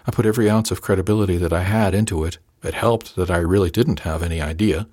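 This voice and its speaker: Low-voiced man narrating an audiobook. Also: fast talker, hardly any pauses, mellow. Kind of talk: scripted first-person audiobook narration.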